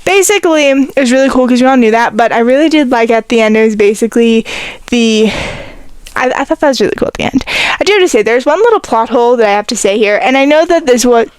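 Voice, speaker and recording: A woman's voice: a little high, animated, quick pace, smooth, dry recording. A teenage girl hosting a casual podcast, rambling with lots of fillers and sometimes running short of breath. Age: teens. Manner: rambling, filler-heavy, talks to her cat. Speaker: podcast host. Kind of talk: casual chat.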